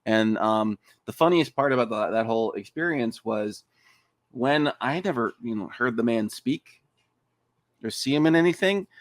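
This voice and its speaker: A man's voice: medium pitch, moderate pace, dry recording. A man guesting on a podcast, chatting casually and animatedly about his film, swearing and acting out quotes. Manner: animated, swears, acts out quotes in funny voices. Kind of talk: casual interview chat.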